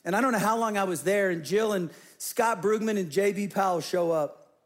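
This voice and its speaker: A man's voice: high voice, moderate pace. A middle-aged man, a pastor, telling an earnest personal story in a sermon and acting out his own past words.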